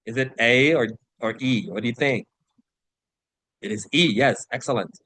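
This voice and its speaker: A man teaching an English vocabulary lesson, who explains words, reads example sentences aloud slowly and keeps checking in with "right?". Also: medium pitch, bright, forceful tone, dry recording. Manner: slows to read example sentences and passages aloud.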